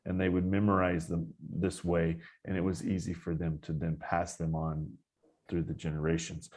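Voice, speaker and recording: A man who teaches Zen meditation, giving an informal dharma talk in a relaxed, conversational way. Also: deep voice, moderate pace.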